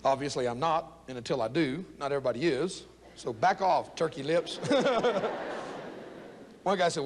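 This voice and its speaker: An older man from South Texas gives a folksy, jokey, fired-up motivational speech to young people about loyalty and his war years. His voice is fairly high at normal speed, with a noisy background and the long echo of a big hall.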